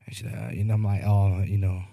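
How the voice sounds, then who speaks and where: A man rambles through a story on a casual podcast, his low, mellow voice close and dry on the mic. He keeps checking in with "you know what I mean" and acts out the people he describes. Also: flat delivery, brisk, gravelly, dry recording. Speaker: podcast co-host.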